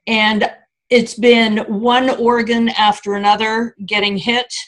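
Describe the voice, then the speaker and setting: A woman's voice: a little high, level tone, slow, a bit bright, poor audio. A Canadian woman calls in over a video link with an urgent personal question. She sounds anxious and pleading, and she often stops and restarts her sentences. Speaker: caller. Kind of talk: asking a question on a video call. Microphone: video call.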